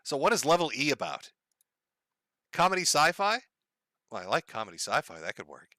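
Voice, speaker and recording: A man's voice: on the high side, wildly swooping pitch, a little fast, bright, forceful tone, no echo, studio quality. A middle-aged man streaming, chatting casually, reading donations and swearing freely with a wry, joking manner. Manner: profane, wry, laughs at his own jokes. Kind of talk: casual live-stream chat.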